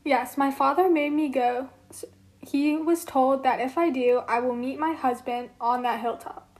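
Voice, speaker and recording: A woman's voice: sits high, fairly even intonation, unhurried, darkish tone. A woman voicing Psyche, a young mortal woman, in an amateur read-aloud role-play, reading her lines earnestly.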